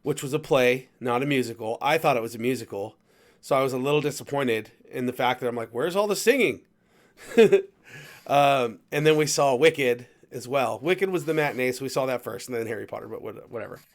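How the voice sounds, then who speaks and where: A man hosting a podcast, telling a travel story in a rambling, animated way with plenty of restarts. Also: mid-range voice, a little fast. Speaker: podcast host. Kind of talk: casual chat, storytelling.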